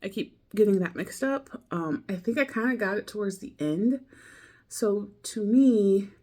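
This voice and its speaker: A woman's voice: mid-range voice, unhurried, mellow. A woman learning a language, talking it over casually in a video diary, thinking aloud in a loose, rambling way.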